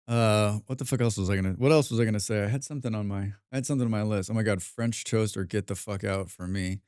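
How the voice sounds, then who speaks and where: An American man streams a game while chatting casually, rambling, cursing and tossing in self-mocking asides. His low-leaning voice is smooth and darkish, a little fast, in a dry, studio-quality recording.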